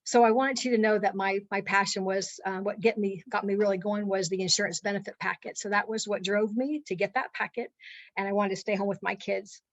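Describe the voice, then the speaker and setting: A woman in her forties telling a personal story on a call, earnest and halting, with many fillers and restarts. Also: mid-range voice, fairly even intonation, no echo, low-quality recording. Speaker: guest speaker.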